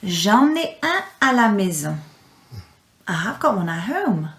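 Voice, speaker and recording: A woman teaching French to young children in a recorded lesson, speaking clearly and encouragingly and repeating words for her pupils. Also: mid-range voice, big pitch swings, a little slow, a bit bright. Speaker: primary school French teacher. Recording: echoey room.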